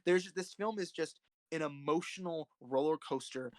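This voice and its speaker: Ranking films as host, this young man gives casual, passionate commentary in a voice on the high side at normal speed. He frequently swears and starts sentences over, and the audio has no room sound.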